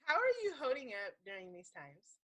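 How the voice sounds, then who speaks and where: A woman hosting a casual interview, asking light questions with giggly, expressive reactions. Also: medium pitch, moderate pace.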